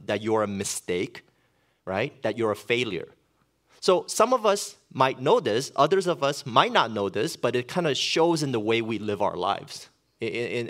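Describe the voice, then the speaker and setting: A middle-aged male pastor preaching a sermon in a conversational way, with lots of fillers and storytelling. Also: medium pitch.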